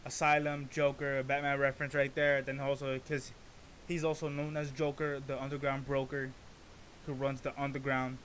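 A man casually reacting to a rap song, rambling through explanations and breaking into excited interjections. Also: mid-range voice, moderate pace, a little hiss or hum.

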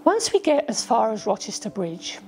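A woman's voice: a little high, very animated, normal speed, a little mellow, faint music behind. A woman voicing a confident twelve-year-old boy in a storybook reading.

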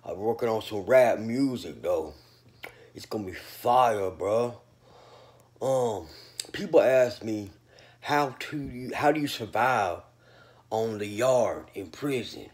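A man's voice: lowish voice, animated, slow. A man from North Carolina talking casually to camera as a vlogger, boastful and rambling in street slang, a little sleepy.

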